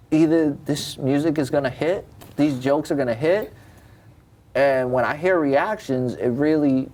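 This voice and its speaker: A man's voice: mid-range voice, darkish tone. A man in his thirties from Cambridge, Massachusetts, a rapper talking candidly and a bit rambling as a guest in a TV studio interview. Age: 30s. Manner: candid, rambling, self-correcting. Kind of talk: casual interview talk.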